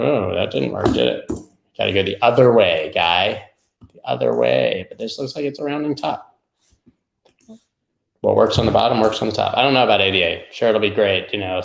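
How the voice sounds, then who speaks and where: A man talks through price charts in a loose, rambling way, tossing in irreverent jokes as he goes. His voice is gravelly and sits fairly low, and it rings a little in a roomy space. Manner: rambling, irreverent, jokey asides. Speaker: crypto market show host. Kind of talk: casual live chart analysis.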